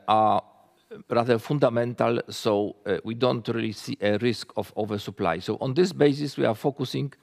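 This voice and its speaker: Gravelly male executive in a reverberant hall. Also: mid-range voice. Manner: halting, frequent fillers and restarts. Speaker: company executive presenting results. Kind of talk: results presentation.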